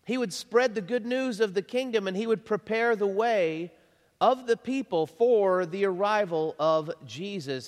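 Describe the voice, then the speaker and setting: A man preaching a conversational sermon, lively and chatty, chuckling often and repeating himself as he talks to the congregation. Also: high-pitched, measured pace. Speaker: pastor. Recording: long reverb of a large hall.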